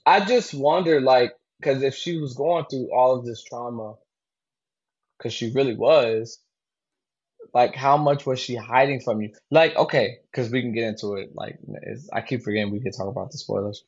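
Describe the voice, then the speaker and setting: A man's voice: medium pitch, moderate pace, darkish tone, husky, dull audio. A man co-hosting a podcast, talking casually about a film and rambling with lots of fillers and restarts. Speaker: podcast co-host. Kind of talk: casual movie discussion.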